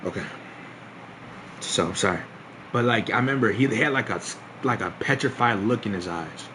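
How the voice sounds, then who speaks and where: A man's voice: lowish voice, moderate pace, noisy background. A young man streaming, telling a long story in a casual, rambling way, full of slang, swearing and repeated phrases.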